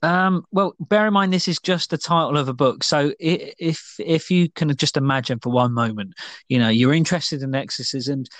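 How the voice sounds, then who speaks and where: A man's voice: fairly high pitch, moderate pace, fairly bright tone, dry recording. A man co-hosting a podcast, telling things in a playful, rambling casual chat. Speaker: podcast co-host.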